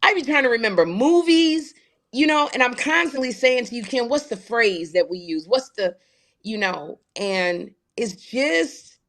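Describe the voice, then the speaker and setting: Animated woman co-host telling stories. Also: fairly high pitch, measured pace. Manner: animated storytelling, acts out quoted dialogue. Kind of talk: casual podcast chat.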